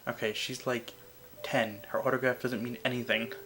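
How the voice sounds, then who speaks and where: A young man rambles through casual gameplay commentary, full of fillers and dry, sarcastic asides. His voice sits at an ordinary middle pitch. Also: little pitch movement, normal speed, background noise. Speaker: let's play host.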